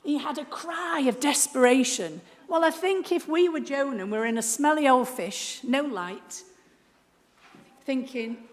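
A woman preaching a sermon, telling a story and swinging from hushed to loud. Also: sits high, measured pace. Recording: echoey hall, faint noise.

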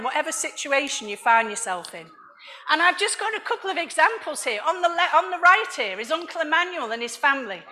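A middle-aged woman from Liverpool, giving an animated sermon with personal testimony and frequent laughs. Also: high voice, slight background noise. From Liverpool, England. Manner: animated storytelling, laughs often. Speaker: church speaker.

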